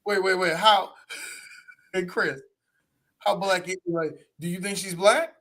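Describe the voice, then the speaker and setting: Animated, laughing man with a bright voice. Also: high voice, measured pace. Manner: animated, laughing, profane banter. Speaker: podcast co-host. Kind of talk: casual chat.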